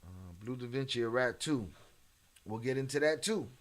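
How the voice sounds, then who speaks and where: A man's voice: medium pitch, expressive, moderate pace. Laid-back man chatting with his stream chat. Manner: loose, rambling, greets chat by name. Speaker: streamer reacting to an interview. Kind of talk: casual live-stream chat.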